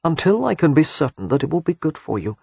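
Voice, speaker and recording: A man playing a brooding, war-scarred gentleman. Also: a little high, sing-song, gravelly, husky, no echo, heavily acted. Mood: grave. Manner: quiet, measured, grave.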